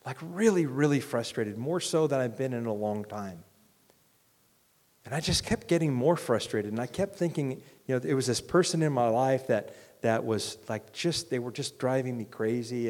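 A man preaching a sermon as pastor, earnest and conversational, swinging from loud urging to quiet reflection. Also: mid-range voice. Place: church hall. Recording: long reverb of a large church hall.

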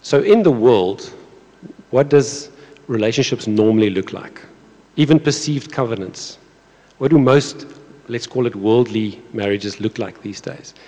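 A man in his thirties or forties, speaking as a pastor, delivers a conversational sermon in a church auditorium, often repeating words and asking the congregation questions. His voice is medium-pitched, mellow, and a little slow. The recording carries the long hall reverb of a church.

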